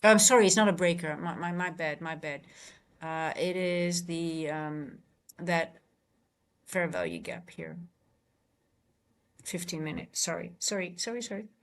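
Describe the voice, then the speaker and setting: A woman's voice: fairly low pitch, unhurried, long pauses. Dutch woman chatting through a live trading stream. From Netherlands. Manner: chatty, self-correcting, reads and answers live chat.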